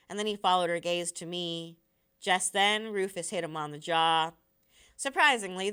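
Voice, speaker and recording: A woman teacher reading a novel aloud to her students with steady, expressive storytelling. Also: lowish voice, clear, resonant tone.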